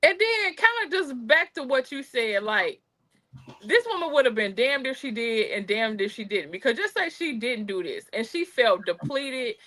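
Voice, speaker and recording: A woman's voice: fairly high pitch, very animated, moderate pace, sharp tone. A woman co-hosting a casual podcast chat, talking bluntly and animatedly and swearing freely. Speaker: podcast co-host.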